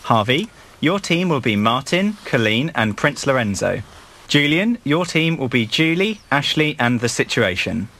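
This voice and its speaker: A man's voice: mid-range voice, big pitch swings, unhurried, a bit bright. A man making playful, formal announcements to the people in a house.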